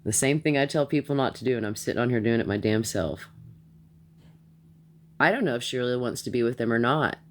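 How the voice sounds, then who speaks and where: A woman's voice: a bass voice, fairly quick, pauses often. Blunt, profane woman ranting live. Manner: blunt, profane, repeats herself when worked up. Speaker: live-stream commentator. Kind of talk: heated social-media live rant.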